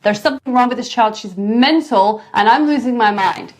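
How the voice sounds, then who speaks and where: A mother telling a parenting story in a casual vlog, animated and dramatic, with big jumps in pitch. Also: moderate pace. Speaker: mother sharing parenting advice.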